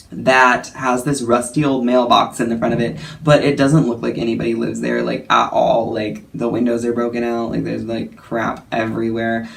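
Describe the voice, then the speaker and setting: A man's voice: medium pitch, creaky. A young man telling a story in a casual vlog, chatty and self-mocking, full of fillers and laughs. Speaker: vlogger.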